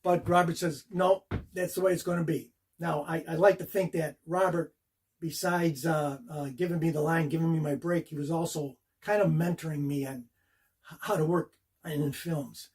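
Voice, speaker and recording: A man's voice: a little high, normal speed, breathy edge. An older man, a working actor, casually telling a career story to the camera and acting out each beat of the scene as he goes. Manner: animated, acts out the scene beat by beat.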